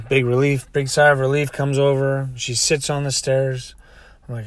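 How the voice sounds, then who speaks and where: A man's voice: medium pitch, flat delivery, moderate pace, no echo. A man telling a rambling story in a casual way, acting out the quotes.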